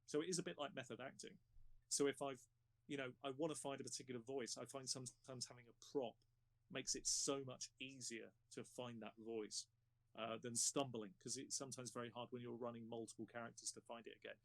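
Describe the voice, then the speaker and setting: A man hosting a casual panel chat about running games, talking in an encouraging, unhurried way. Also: mid-range voice, steady tone. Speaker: panel host.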